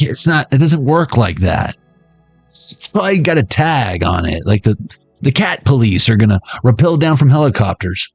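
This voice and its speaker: A man giving a tarot reading as a comedic monologue, riffing with jokes and jumping into squeaky high voices. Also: darkish tone, slightly rough, dry recording. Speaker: tarot reader.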